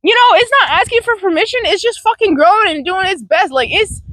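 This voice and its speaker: A woman with a high voice talks in a casual self-help vlog, blunt and profane, restarting her sentences as she goes. She is recorded outdoors beside a big tree, and the sound is dry and close. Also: animated, a little fast, fairly bright tone, dry recording, poor audio. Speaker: vlogger. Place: outdoors near a large tree. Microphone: phone or camera recording herself.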